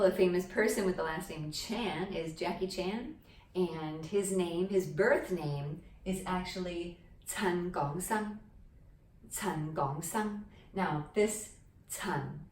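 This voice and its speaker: A woman's voice: on the low side, a little mellow, slight background noise. Chatty woman teaching in an echoey room. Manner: chatty, explaining step by step with frequent "okay?" checks. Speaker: language teacher. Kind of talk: casual teaching at a whiteboard. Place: indoor room with a board. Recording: echoey room, mic at a distance.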